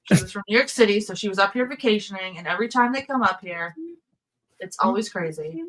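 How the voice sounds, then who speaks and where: A woman's voice: mid-range voice, fast talker, fairly bright tone, poor audio. A woman hosting a casual livestream, telling rambling stories and laughing often. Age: adult, past high school. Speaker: livestream host. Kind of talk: casual chat with viewers.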